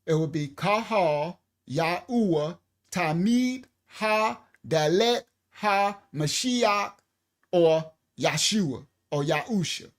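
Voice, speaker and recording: A man teaching a congregation in a preaching style, emphatic and repetitive, building to loud exhortation. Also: high voice, expressive, slow pace. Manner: emphatic, repeats words, rises to loud exhortation. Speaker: teacher of a ministry.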